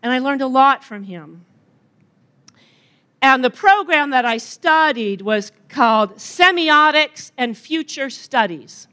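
A woman's voice: high voice, lively intonation, slow, pushed and bright. A middle-aged woman giving a chatty opening talk at a retreat, joking and bantering with the audience. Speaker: retreat speaker.

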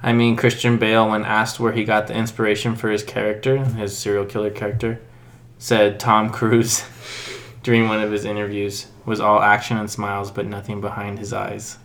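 A woman's voice: very deep voice, completely flat delivery, normal speed. A woman co-hosting a casual podcast, chatting and reading online posts aloud. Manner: chatty, reads out online comments. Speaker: podcast co-host.

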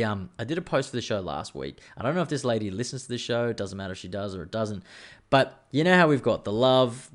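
A man, hosting a casual solo podcast, chatty and rambling, swearing freely. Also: medium pitch. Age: 30s. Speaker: podcast host.

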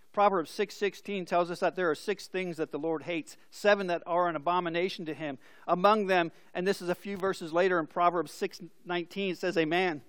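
High-voiced man preaching a sermon. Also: fairly bright tone, no echo. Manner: storytelling with acted-out voices. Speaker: pastor.

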